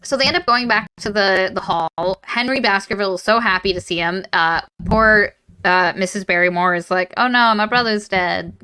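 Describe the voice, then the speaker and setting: A woman hosting a casual book club podcast, retelling a novel with profanity and quick put-on character voices. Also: medium pitch, clear, resonant tone, low-quality recording. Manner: animated, profane, acts out characters in silly voices.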